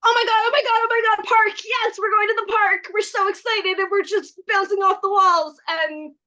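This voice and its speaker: A woman's voice: extremely high pitch, steady tone, normal speed, pushed and bright, voice pushed up. A woman imitating an overexcited small child who gushes and talks over itself. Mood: giddy. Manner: gushing, bouncing, talking over itself.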